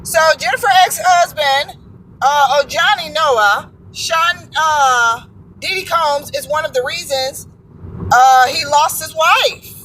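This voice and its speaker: High-voiced woman chatting while driving. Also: slow pace, bright, forceful tone, a little hiss or hum, rough recording. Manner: slangy, chatty, stumbles when reading aloud. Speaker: commentary vlogger. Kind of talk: casual commentary while driving. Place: inside a moving car.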